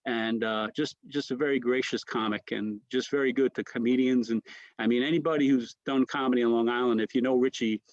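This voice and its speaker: A man's voice: mid-range voice, fairly even intonation, a little fast, dry recording, dull audio. A man, a comedian guest, telling rambling stories and mimicking the voices of others. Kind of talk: storytelling anecdotes.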